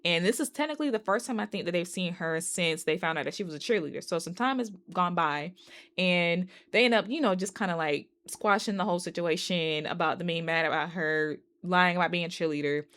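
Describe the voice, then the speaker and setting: A woman's voice: lowish voice, fairly quick. A woman casually recapping a movie, acting out the characters' lines and talking back to them. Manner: animated, acts out characters' lines in quoted voices; swears and talks back to the characters. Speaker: movie review vlogger.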